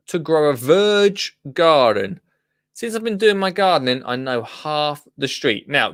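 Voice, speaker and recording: A man's voice: mid-range voice, fairly bright tone, no echo, clean studio sound. A man hosting a gardening show, chatting casually through the news with rambling asides. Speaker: gardening podcast host. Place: radio studio.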